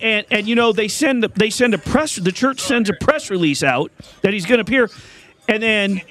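A man's voice: high voice, a bit bright. A man co-hosting sports radio, insistent and sarcastic. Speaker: radio co-host. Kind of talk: casual sports radio chat.

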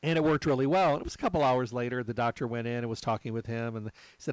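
A middle-aged man hosting a supplement talk, telling stories in a chatty, lively way. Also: medium pitch, quick pace, hardly any pauses, dry recording, dull audio. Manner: chatty storyteller, lively asides. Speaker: health supplement talk host. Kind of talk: casual monologue.

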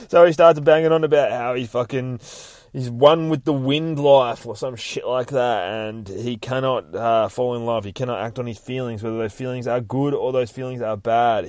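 A man's voice: medium pitch, a little mellow, no echo. A man casually recapping a comic book in a rambling, heavily profane way. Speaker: podcast host recapping a comic.

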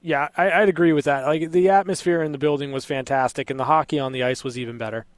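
A man hosting a call-in sports radio postgame show, upbeat and quick to greet callers. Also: on the high side, steady tone, dry recording. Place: radio studio. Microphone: broadcast mic.

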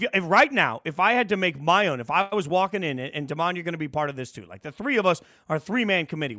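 A man hosting sports talk radio, animated and opinionated, stirring up debate with his co-host. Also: high voice, no room sound, studio quality. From Las Vegas.

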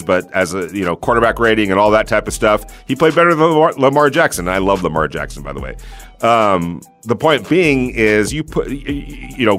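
A man's voice: lowish voice, fairly bright tone. A man analyzing football on sports radio, rambling with many fillers and restarts.

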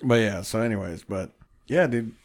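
A man co-hosting a podcast, telling stories in a casual, profane, animated way and acting out quotes. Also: on the low side, moderate pace, vocal fry. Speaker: podcast co-host. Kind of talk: casual chat.

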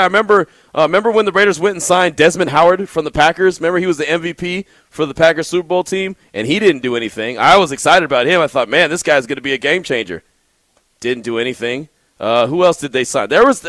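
A man's voice: on the high side, fairly bright tone, dry recording. A man hosting a call-in sports radio show, chatty, often laughing and restarting his sentences.

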